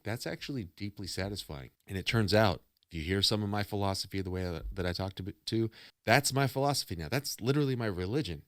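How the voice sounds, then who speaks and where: A man's voice: sits low, fairly bright tone, no echo, clean studio sound. A man hosting a casual reaction stream, rambling and preachy as he philosophizes about love and faith. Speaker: streamer host.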